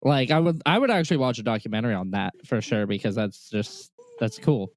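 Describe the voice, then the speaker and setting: A man's voice: mid-range voice, expressive, brisk. A man co-hosting a casual podcast in a laid-back, slangy way. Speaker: podcast co-host.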